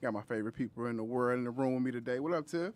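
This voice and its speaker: A man's voice: mid-range voice, very fast, a little mellow. Laid-back joking male podcast host. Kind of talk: casual chat. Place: room with co-hosts.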